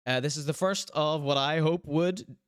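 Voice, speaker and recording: A man's voice: on the high side, moderate pace, smooth, no echo, clean studio sound. A man hosting his own online show, plugging t-shirts in a joking, rambling, self-mocking way. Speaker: show host.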